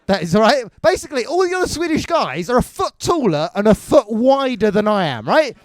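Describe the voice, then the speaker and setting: An English man doing stand-up, talking fast and all over the place, swearing and mocking himself. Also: extremely high pitch, very animated, no room sound. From England. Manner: rapid, scattered, self-mocking, swears a lot. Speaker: stand-up comedian. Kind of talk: stand-up set. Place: comedy club stage.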